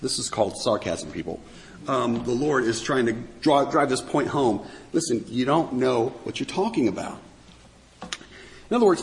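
A man's voice: mid-range voice, expressive, moderate pace, big-room sound. A man giving a conversational sermon as a pastor, with sarcastic asides.

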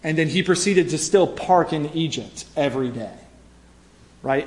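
A man's voice: a little high, a little mellow. A man preaching a conversational sermon, telling a story with lots of "right?" asides and fillers. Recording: reverberant hall.

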